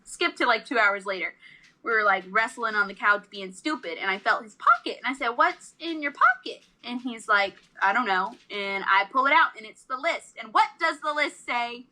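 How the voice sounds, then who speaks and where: A woman's voice: a little high, moderate pace, poor audio. A woman co-hosting a casual podcast chat, telling stories animatedly and acting out the quotes. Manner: animated storyteller, acts out quotes. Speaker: podcast co-host.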